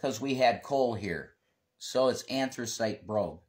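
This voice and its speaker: A man from northeastern Pennsylvania with a local accent, chatting loosely and animatedly while reading viewer comments. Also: mid-range voice. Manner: animated, rambling, quick to laugh. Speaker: livestream host. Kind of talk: casual chat reading comments.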